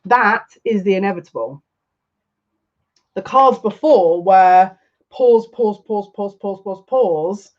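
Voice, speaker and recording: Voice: mid-range voice, animated, takes it slowly, muffled recording. Chatty, laughing psychic tarot reader. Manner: chatty and rambling, often laughing and repeating phrases. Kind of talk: live tarot reading, chatting with viewers.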